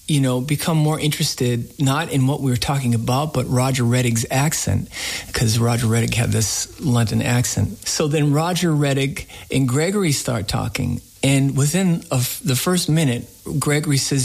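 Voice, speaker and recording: A man, the host of a radio show, telling a story in a casual interview, animated and full of fillers. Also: mid-range voice, moderate pace, gravelly.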